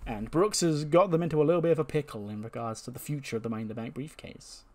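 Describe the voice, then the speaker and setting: A man's voice: fairly high pitch, fast, a little mellow. A man casually retelling a wrestling sim playthrough in a chatty, storytelling way. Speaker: game commentator.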